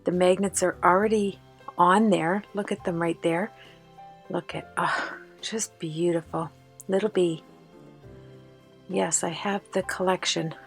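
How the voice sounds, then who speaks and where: A woman's voice: fairly low pitch, steady tone, unhurried, pauses often, soft background music. A woman hosting a card-making tutorial as a chatty voice-over, out of breath from the flu. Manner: chatty and enthusiastic, many fillers. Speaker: card-making video host.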